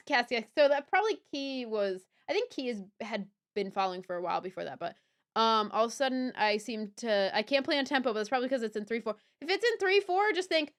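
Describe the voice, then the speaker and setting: A woman's voice: on the high side, lively intonation, brisk, smooth. A young woman streaming live, chatting casually and rambling with chat, swearing and laughing easily.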